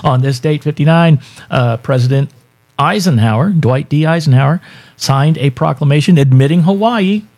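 A man's voice: on the high side, normal speed, a little mellow. A man co-hosting a radio show in casual banter, chatty and joking as he reads out this day in history. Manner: chatty, laughs often, light joking delivery. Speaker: radio co-host.

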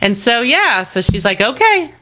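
Animated woman telling a story. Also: medium pitch, normal speed, slight background noise. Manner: animated storyteller, acts out quoted dialogue. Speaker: co-host. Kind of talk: casual chat.

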